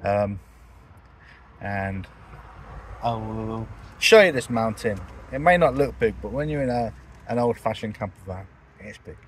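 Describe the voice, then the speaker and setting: A man's voice: lowish voice, expressive, a little slow, pauses often, a little hiss or hum. A young man chatting casually to viewers in a travel vlog, rambling and joking. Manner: rambling, jokey, talks to viewers. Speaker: vlogger.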